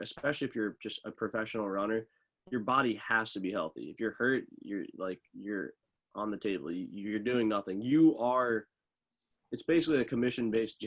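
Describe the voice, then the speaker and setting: A young man, a professional runner, talking casually in an interview, loose and full of fillers. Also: fairly low pitch. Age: young adult. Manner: relaxed, loose, many fillers like "like" and "uh". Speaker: professional middle distance runner, guest.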